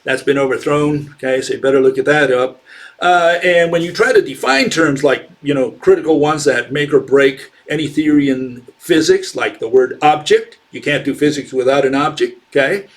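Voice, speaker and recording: Man, scornful commentary, rhetorical questions, fillers, fairly high pitch. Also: normal speed. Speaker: channel host. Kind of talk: unscripted commentary.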